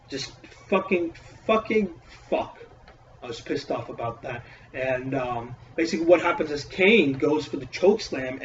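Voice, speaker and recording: Male wrestling reviewer, swears freely, excitable and rambling; echoey room, set back from a dull mic. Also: medium pitch, far from the mic, a little hiss or hum. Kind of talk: casual solo review.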